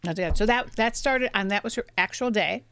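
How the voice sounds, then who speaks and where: A woman's voice: mid-range voice, brisk, a bit bright, smooth. A young woman co-hosting a podcast, chatting casually and rambling with fillers and restarts. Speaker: podcast co-host. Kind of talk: casual chat.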